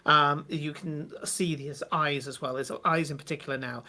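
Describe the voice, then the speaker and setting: A man narrating a tabletop game as game master, vivid but halting with many fillers. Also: on the high side, steady tone, pushed and bright.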